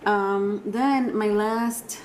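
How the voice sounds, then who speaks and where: A woman's voice: mid-range voice, fairly even intonation, drawn-out words, darkish tone, slight background noise, poor audio. A woman giving a casual, rambling tarot reading, talking straight to viewers with sighs and laughs. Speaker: tarot reader.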